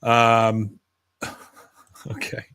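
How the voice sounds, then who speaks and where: A man's voice: completely flat delivery, drawn-out words, sharp tone, clear, resonant tone. Casual man recapping a cartoon episode. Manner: retells scenes, quoting characters with raised pitch. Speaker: podcast co-host.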